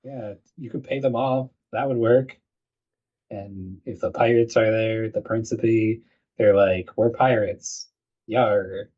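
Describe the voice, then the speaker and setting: A man co-hosting a casual podcast chat, jokey and quick to act out characters. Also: on the low side, fairly even intonation, warm tone. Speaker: podcast co-host. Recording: dull lo-fi recording.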